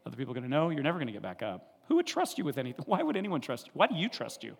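A preacher voicing a sneering accuser spirit. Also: male voice, mid-range voice, big pitch swings, vocal fry, breathy edge, long reverb tail, heavily acted. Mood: taunting. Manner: mocking, needling, rapid-fire accusations. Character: taunting male spirit accuser, sneering and relentless.

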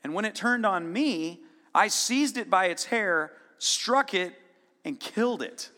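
A man preaching a sermon, retelling a story in a casual, lively way and voicing its characters with sudden bursts of intensity. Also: high voice. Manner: storytelling with casual asides and quick dramatic voicing. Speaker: pastor. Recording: long reverb of a large hall.

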